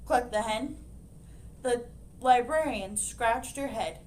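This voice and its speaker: A woman librarian reading a picture book aloud to children, expressive and animated, pointing out the pictures. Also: on the high side, slow pace.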